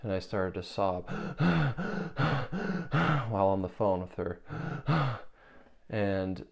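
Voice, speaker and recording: A young man earnestly telling a personal spiritual story, halting and repeating words as he searches for how to describe it. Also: low-pitched, level tone, a little mellow, muffled recording. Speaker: spiritual video creator.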